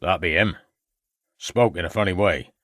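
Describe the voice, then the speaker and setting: A man doing a gruff old farmer. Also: low voice, moderate pace, a bit bright, no room sound, studio quality. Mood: curt. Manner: terse, clipped dialect speech. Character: gruff old male rural farmer, curt.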